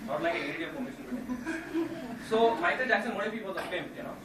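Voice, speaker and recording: Animated male stand-up comedian, echoey room. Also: high voice, fast talker. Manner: animated, jumps into loud impressions. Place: comedy venue with live audience. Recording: echoey room from far off with noise.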